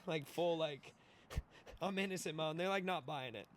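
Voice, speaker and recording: A young man in his twenties, a podcast guest telling a wild story in an animated, profane way, laughing and acting out the voices. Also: fairly high pitch, normal speed. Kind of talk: casual storytelling.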